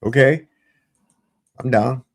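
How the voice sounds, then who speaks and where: A man's voice: mid-range voice, takes it slowly, creaky. A man hosting a casual panel discussion, talking loosely and profanely and reading out headlines. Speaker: host.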